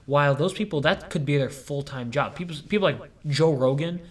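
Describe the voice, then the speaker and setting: Rambling young man, higher voice. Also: fairly quick. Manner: rambling storyteller, acts out quotes in high voices. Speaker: podcast host. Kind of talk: casual podcast chat.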